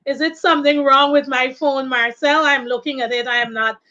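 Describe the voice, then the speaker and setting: High-voiced woman host urging on a live chat. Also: fairly even intonation, fairly quick, sharp tone, dull audio. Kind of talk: live-stream casual chat.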